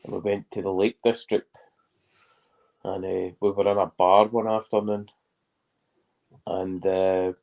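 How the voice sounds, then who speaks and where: A man's voice: sits low, level tone, measured pace, gravelly, pauses often, a little mellow, muffled recording. A Scottish man joining a casual stream chat over a video call, telling anecdotes in a dry way and swearing casually.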